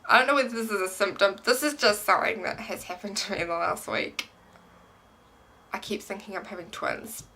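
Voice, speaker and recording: A woman's voice: medium pitch, brisk, vocal fry, bright, forceful tone. A young woman talking casually to camera about her pregnancy, rambling with many "um"s and "like"s. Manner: rambling, many ums and likes. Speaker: pregnancy vlogger. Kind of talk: casual pregnancy update vlog.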